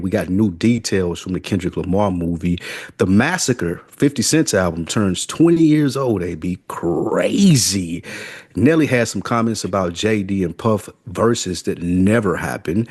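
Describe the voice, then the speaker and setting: A man with a low, husky voice hosts a casual podcast chat. He talks in a laid-back way, steers the topics and laughs easily. The sound is dry and close on a studio mic. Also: no echo. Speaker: podcast co-host.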